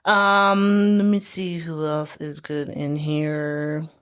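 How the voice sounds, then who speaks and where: A woman's voice: sits low, little pitch movement, slow pace, fairly bright tone, smooth. A woman co-hosting a podcast, chatting casually as she recaps a TV show and acts out the characters' lines. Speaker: podcast co-host.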